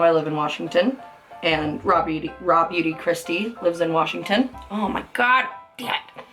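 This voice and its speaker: A woman's voice: lowish voice, a bit bright. A young adult woman vlogger telling embarrassing stories in a casual, chatty way, full of "like" fillers and swearing, often laughing. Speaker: beauty vlogger. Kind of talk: casual storytelling.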